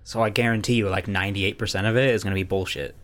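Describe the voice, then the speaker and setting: A man's voice: fairly low pitch, fairly even intonation, fast talker, a bit bright. A young man co-hosting a podcast, rambling through casual chat with lots of filler and free swearing. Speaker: podcast co-host.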